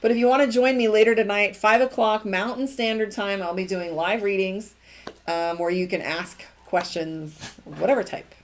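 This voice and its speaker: A woman's voice: mid-range voice, fairly even intonation, moderate pace. A middle-aged woman giving a casual live tarot reading, chatty and encouraging. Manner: chatty and encouraging, acts out quoted lines. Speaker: tarot reader.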